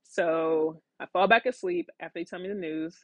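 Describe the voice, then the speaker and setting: A woman in her thirties, a podcast host, telling a personal story in a rambling, animated way with lots of fillers and restarts. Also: on the low side, moderate pace, no room sound. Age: 30s. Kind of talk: casual storytelling monologue.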